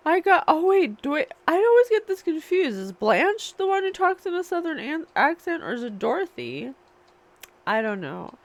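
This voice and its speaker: A woman's voice: very high-pitched, big pitch swings, moderate pace. A woman channeling a spiritual reading, musing and questioning aloud as she asks spirit for answers. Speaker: psychic reader.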